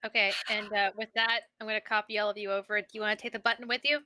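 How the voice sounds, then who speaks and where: A woman running a tabletop game as dungeon master, narrating quickly and laughing easily. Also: mid-range voice, flat delivery, pushed and bright, slight background noise.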